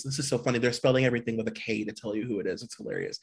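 A man's voice: medium pitch, sing-song, racing, gravelly, few pauses, breathy edge. A man co-hosting a podcast, reading gossip blind items in a mocking tone and chatting casually. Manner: reads aloud in an exaggerated, mocking tone, laughs easily. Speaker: podcast co-host.

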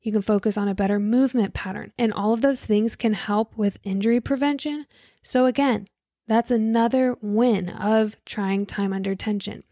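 A young woman in her office, giving casual fitness advice in an animated, chatty way, full of "like" and "dude". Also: medium pitch, normal speed, no room sound, clean studio sound. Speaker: fitness creator.

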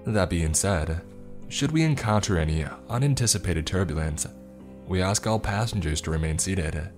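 A man's voice: low voice, animated, normal speed, faint music behind. A man voicing an overly chipper female flight attendant who makes announcements in a sing-song way.

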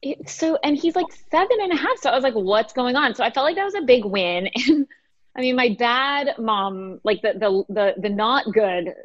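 A woman's voice: a little high, expressive, normal speed, no room sound, lo-fi sound. A woman co-hosting a podcast, chatting and confessing her parenting slips while laughing at herself. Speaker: podcast co-host. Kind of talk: casual chat.

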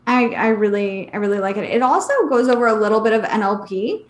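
A woman co-hosting a podcast, talking about books in a relaxed, hesitant way with many "um"s. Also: medium pitch, fast talker, roomy sound. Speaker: podcast co-host. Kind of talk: casual chat about books.

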